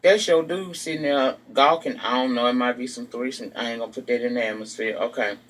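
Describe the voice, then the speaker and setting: A man's voice: mid-range voice, fairly even intonation, brisk, fairly bright tone. A man giving a casual, gossipy, profane recap of a reality show, now and then acting out what the cast said. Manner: sassy, profane, gossipy storytelling; acts out quotes of the people he recaps. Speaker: TV recap vlogger.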